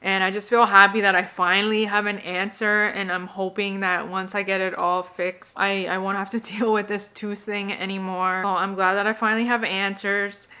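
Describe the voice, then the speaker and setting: A woman's voice: mid-range voice, level tone, normal speed, hardly any pauses, pushed and bright, clean tone. A young adult woman giving a candid, emotional personal update to her viewers. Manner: emotional and candid, close to tears. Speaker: beauty vlogger. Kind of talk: personal update vlog, talking to camera.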